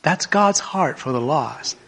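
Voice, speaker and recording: A man preaching a sermon, telling a story emphatically and swinging from a hushed voice to a raised one. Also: fairly high pitch, animated, takes it slowly, creaky, husky.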